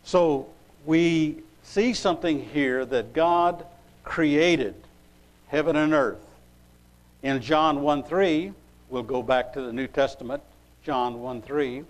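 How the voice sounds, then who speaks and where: A man preaching a sermon, reading scripture aloud and pausing as he looks up verses. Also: on the high side, low-quality recording. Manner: unhurried, pausing while looking up verses.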